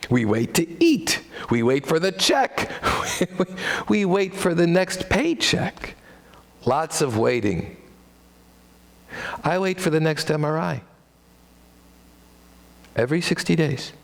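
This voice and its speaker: A man with a Midwestern American accent performing a one-man stage monologue, with wry, self-deprecating dad-joke humor and pitch that jumps for comic emphasis. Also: sing-song, takes it slowly, creaky, long pauses.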